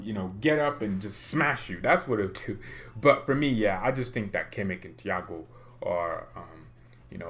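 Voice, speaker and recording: A young man hosting a fan channel, talking in a casual, excitable and rambling way with quick laughs. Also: on the low side. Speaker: football fan channel host. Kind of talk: casual opinion vlog.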